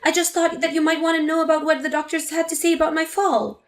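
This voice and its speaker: A woman's voice: very high voice, steady tone, fast talker, few pauses, faint music behind. A woman reading a dramatic family story aloud in a hurt, incredulous voice. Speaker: narrator.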